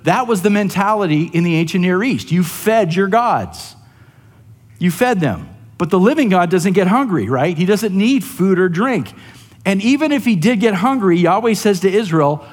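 A man's voice: high voice, expressive, normal speed, big-room sound. A man preaching a sermon as pastor, in a conversational way that keeps asking the listeners "right?". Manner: conversational, often asks "right?".

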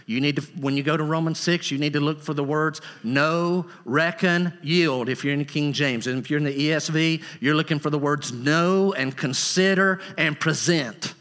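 A man's voice: on the high side, pushed and bright. A man preaching a sermon as pastor, earnest and emphatic, repeating key words for weight. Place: church sanctuary. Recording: long hall reverb, church sanctuary.

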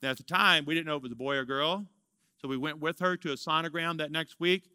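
A man, a pastor telling a personal story in a sermon, animated and swinging between excitement and hushed softness. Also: a little high, fast, clean tone, dry recording. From Louisiana, US.

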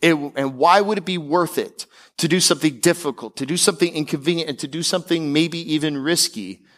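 Male pastor, sermon delivery, emphatic yet casual, higher-pitched voice. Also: fairly bright tone. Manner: emphatic preaching with casual asides; slows and climbs in pitch on key declarations.

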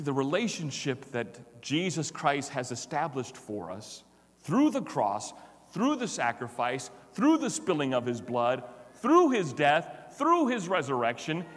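A male pastor preaching a sermon, moving from hushed, tender passages to loud, emphatic declarations. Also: a little high, big-room sound.

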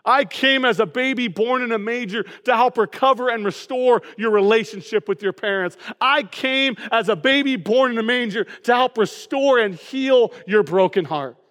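A man in his thirties preaching a sermon as pastor, telling stories with animated bursts of excitement. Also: very high-pitched, normal speed, hardly any pauses. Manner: animated storytelling, sudden excited shouts. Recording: long reverb of a large hall.

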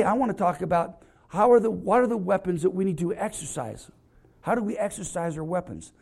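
A fairly high-voiced pastor preaching a sermon in a church. His tone is mellow and warm rather than bright. He speaks earnestly and emphatically, circling back over his key phrases to stress them. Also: gravelly. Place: church sanctuary.

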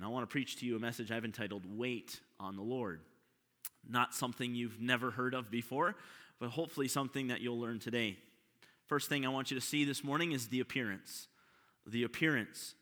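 A man's voice: mid-range voice, pushed and bright. A pastor preaching a sermon to his congregation, often asking them rhetorical questions. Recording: long hall reverb.

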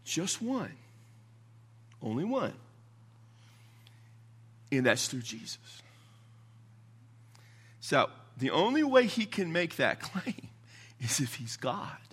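A man's voice: on the high side, slow pace, pauses often, husky. A man preaching a sermon as a Baptist pastor, teaching from scripture in an emphatic, conversational way with the odd chuckle. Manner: emphatic, animated, chuckles between points.

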